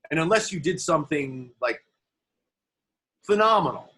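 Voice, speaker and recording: A man, an actor being interviewed, telling animated anecdotes from film sets in a casual way. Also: on the high side, normal speed, low-quality recording. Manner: animated anecdotes, acts out quoted voices. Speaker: actor guest. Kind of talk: interview storytelling.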